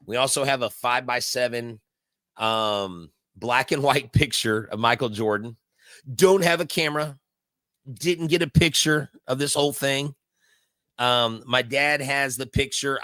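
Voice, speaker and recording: A man's voice: mid-range voice, bright, forceful tone, no echo. A man hosting a casual live baseball watch-along, telling stories in a rambling way full of fillers and restarts. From Houston area. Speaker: live stream host.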